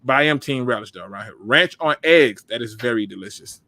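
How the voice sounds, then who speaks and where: Animated man, lively voice. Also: mid-range voice, a little fast. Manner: animated, joking, reacts loudly to chat. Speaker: podcast host. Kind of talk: casual live-stream chat.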